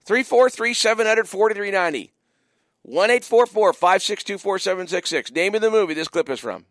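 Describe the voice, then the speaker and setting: A man's voice: sits high, fairly quick, a bit bright, no room sound, clean studio sound. A man hosting a radio movie trivia call-in, teasing listeners and repeating the phone number. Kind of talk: casual radio call-in chat. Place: radio studio.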